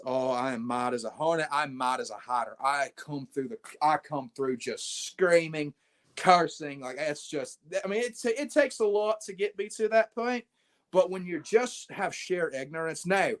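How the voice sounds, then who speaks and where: A man with a voice pitched a little above most men's. He tells a story in an interview in a blunt, animated way, and he acts out his own lines as he goes. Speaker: wrestler guest.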